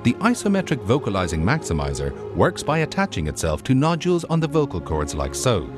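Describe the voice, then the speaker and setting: A man doing a deadpan comic voiceover, promoting himself as a voice artist. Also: mid-range voice, fairly quick, over music. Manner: dry, deadpan announcer delivery.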